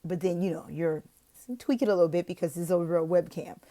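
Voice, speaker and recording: A woman explaining how to teach an online lesson, walking through slides in an expressive, animated way. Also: fast. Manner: animated, expressive, slips into whispers and a high sing-song teacher voice. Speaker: online English teacher giving interview tips. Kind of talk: instructional talk with acted classroom demos.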